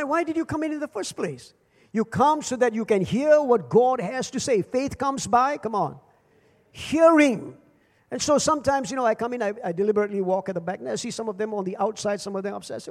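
Older pastor preaching, high, echoing hall. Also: male voice, lively intonation, brisk. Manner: dramatic swings in pitch and volume, repeats phrases. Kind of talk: sermon. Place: church service. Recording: long church hall reverb.

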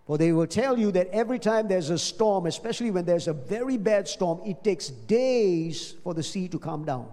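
A man's voice: high voice, darkish tone. A man preaching a sermon, asking the congregation rhetorical questions. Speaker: pastor. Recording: long hall reverb.

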